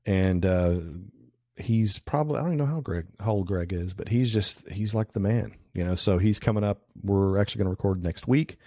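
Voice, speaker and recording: A man's voice: on the low side, fairly quick, warm tone, dry recording, studio quality. A middle-aged man, a photographer guest on a podcast, telling rambling anecdotes with lots of restarts in a casual interview. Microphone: remote call recording.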